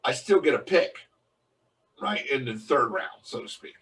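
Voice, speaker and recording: A man's voice: medium pitch, lively intonation, moderate pace, a bit bright, far from the mic. A man co-hosting a podcast in casual chat, explaining things at length and tagging his points with "right?". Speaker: podcast co-host.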